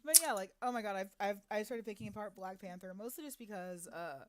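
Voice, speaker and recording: A woman co-hosting a casual podcast chat, blunt and opinionated and quick to laugh. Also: mid-range voice, no room sound. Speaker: podcast co-host.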